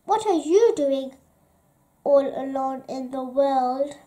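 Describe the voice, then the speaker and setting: Chatty croaking crow, high and cawing, voiced by a woman storyteller. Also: animated, takes it slowly, dark tone. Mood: croaky friendly. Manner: croaking, caws between words. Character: curious talking male crow, chatty and kindly. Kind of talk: storybook read-aloud.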